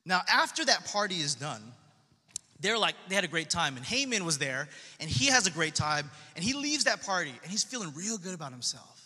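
Brief: male preacher, high, very bright voice, casual slangy storyteller, echoing church hall. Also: big pitch swings, brisk, slightly rough. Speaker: pastor. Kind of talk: sermon. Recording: long hall reverb.

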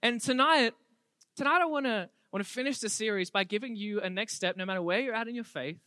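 A young adult preacher giving an energetic, humorous youth sermon that builds to fervent emphasis. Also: mid-range voice, fast, dry recording.

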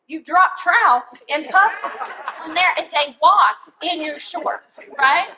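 A woman's voice: extremely high pitch, slow pace, a little hiss or hum. A woman speaking to an audience and telling a funny personal story, laughing through it as she teaches. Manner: animated, laughs through her own story. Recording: echoey room.

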